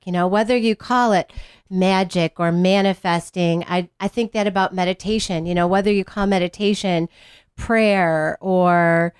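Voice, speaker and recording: A woman's voice: mid-range voice, clear, resonant tone, dry recording, clean studio sound. A woman hosting a casual conversation, agreeing readily and building on others' points.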